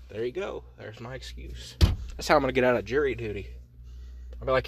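Young male podcast host, bright and tense tone, profane rambling comic monologue with deadpan absurd asides. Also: medium pitch, brisk, pauses often, slight background noise. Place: inside a parked truck.

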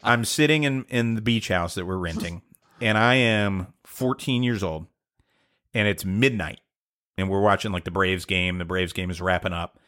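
A man's voice: low voice, normal speed, fairly bright tone. A middle-aged man co-hosting a podcast, telling a long, rambling, self-deprecating story in casual chat. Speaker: podcast co-host.

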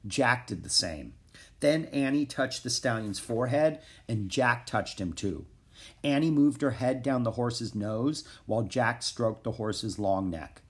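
A man narrating a children's chapter book in a calm, even reading voice. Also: mid-range voice, a little slow. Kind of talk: storybook narration.

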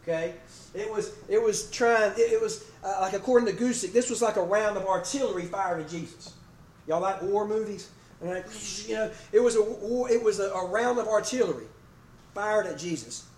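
Man preaching a folksy sermon, high voice, echoey church, mic set back. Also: moderate pace, darkish tone. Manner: folksy, addresses congregation by name, frequent "okay?" and "amen?". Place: church sanctuary. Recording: echoey room, distant mic, faint noise.

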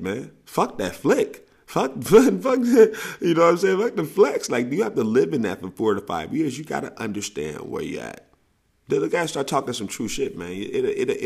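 A man's voice: sits low, slightly rough. A middle-aged man from the States, a podcast host and coach giving blunt, profane advice and telling stories with lots of repetition for emphasis. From Southern United States. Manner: animated storytelling, blunt and profane, repeats for emphasis. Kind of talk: casual advice talk.

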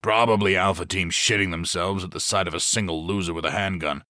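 A man's voice: deep voice, steady tone, a little fast, sharp tone, no room sound, clean studio sound. A man voicing a cocky, joking SWAT officer in an audiobook. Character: bearded male SWAT officer, swaggering.

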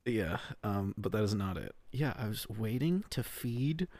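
Slow-talking young man on a podcast. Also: lowish voice, lively intonation, darkish tone, no room sound, studio quality. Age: young adult. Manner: laid-back, plays along with jokes, laughs often. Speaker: podcast co-host. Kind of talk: casual comedic chat.

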